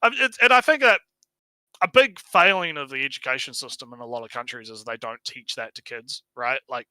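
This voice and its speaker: A man's voice: mid-range voice, very animated, fairly quick, bright, forceful tone, clean tone, no echo. A man from New Zealand co-hosting a stream, talking crudely and laughing a lot between fillers. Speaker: stream co-host. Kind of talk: casual stream commentary.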